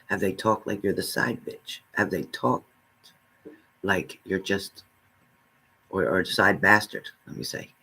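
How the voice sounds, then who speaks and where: Guy doing a spiritual reading, kinda husky, low voice, earnest, talks right at you. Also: slow pace, long pauses, sharp tone. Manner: earnest, repetitive, speaks straight to the listener. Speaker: spiritual reader.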